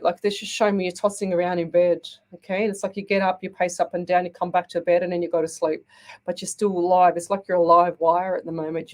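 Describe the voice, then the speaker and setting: An Australian woman hosting a live psychic reading show, chatting to listeners and often checking in with "okay?". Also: on the low side. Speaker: psychic medium radio host.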